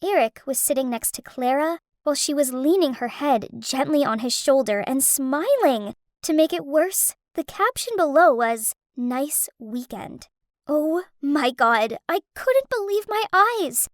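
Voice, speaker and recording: A woman tells a first-person animated story with strong emotion. Her voice is high and swings widely in pitch. The recording is dry and close, with no room sound. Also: unhurried, few pauses, dry recording. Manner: emotional, dramatic. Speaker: narrator.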